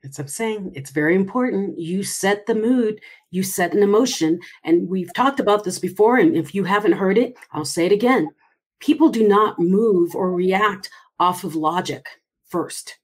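An animated woman coach talks through how to sound friendlier, with a lively, expressive delivery. She speaks over a video call from a home computer mic, in an easy conversational tone. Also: medium pitch, normal speed. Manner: animated, expressive, by her own account. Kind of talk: casual advice chat over a video call.

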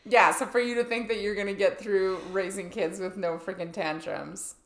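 A woman's voice: medium pitch, steady tone, moderate pace. A woman who teaches, co-hosting a casual podcast and speaking bluntly and emphatically, with swearing. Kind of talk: casual chat. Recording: echoey room.

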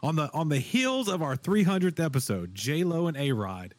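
Animated rambling male podcast host. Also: a little high, moderate pace, no echo. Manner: animated, rambling, frequent fillers and restarts. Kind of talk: casual chat.

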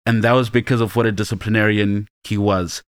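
Deep smooth man, slow and reflective. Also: steady tone, no room sound. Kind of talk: reflective personal anecdote.

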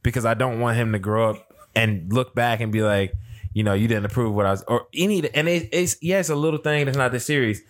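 A father talking earnestly on a casual podcast, his speech halting, full of restarts and casual swearing. His voice sits in a plain middle range. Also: medium pitch.

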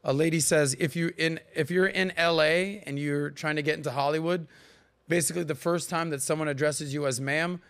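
The podcast host here is a man in his forties with a fairly high, clean-toned voice that has some vocal fry, and he talks a little fast. Chatting casually, he tells stories with lots of energy and performs accents and voices.

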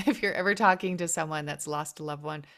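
A woman hosting an interview, speaking gently and affirmingly. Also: sits low, brisk. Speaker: host. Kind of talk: interview conversation.

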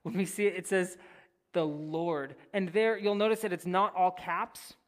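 Slow, dramatic preacher with hushed asides. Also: medium pitch, fairly even intonation. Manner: dramatic swings from loud to hushed, near-whispered phrases; casual, addresses listeners as "guys". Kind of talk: sermon with Bible reading and teaching.

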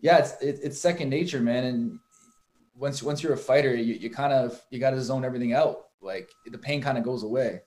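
A man's voice: mid-range voice, fairly quick, a little mellow. A young man, a boxer and poet, talking casually in an interview, telling rambling stories full of fillers and swearing. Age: young adult. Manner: rambling, profane storytelling with many fillers. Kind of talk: casual conversation.

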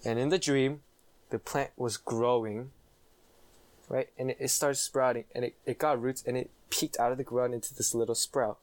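A man's voice: mid-range voice, steady tone, moderate pace. A young man co-hosting a casual podcast chat, swearing freely and saying "right?" and "like" often. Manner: casual, profane, frequent "right?" and "like". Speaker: podcast co-host.

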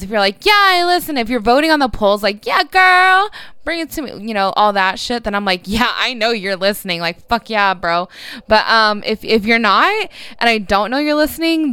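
A woman's voice: mid-range voice, a bit bright, smooth, no room sound. A young woman hosting a chatty solo podcast, bubbly and giggly, rambling with lots of "like" into a handheld microphone. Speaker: podcast host.

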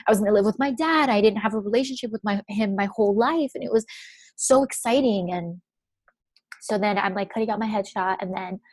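A woman's voice: medium pitch, no room sound. A young woman telling a personal story in a chatty way, filling her speech with "like". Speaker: guest.

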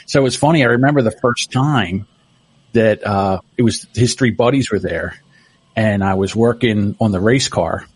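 A man's voice: fairly low pitch, normal speed, breathy edge, no echo. A middle-aged man telling stories in casual chat, laughing often.

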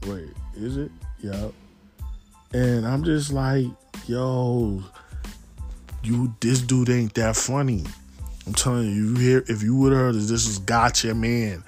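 A man's voice: mid-range voice, sing-song, slow pace, soft background music. A stoned man rambling in a casual, slangy monologue, often losing his thread. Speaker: podcast host.

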